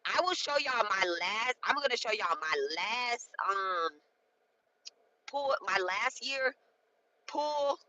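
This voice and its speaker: A woman in her late thirties talks in a loose, chatty way, leaning hard on her points and tossing in "okay?" to keep her listeners with her. Her voice is bright and forward, and her delivery is conversational and frank. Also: fairly high pitch, expressive, slow pace, no echo, low-quality recording. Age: 30s. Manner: chatty and emphatic, often checks in with "okay?". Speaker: spiritual content creator. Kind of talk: casual spoken ritual walkthrough.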